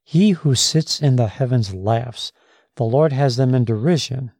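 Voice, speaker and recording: Mellow man reading scripture solemnly. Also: medium pitch, unhurried, creaky, dry recording, clean studio sound.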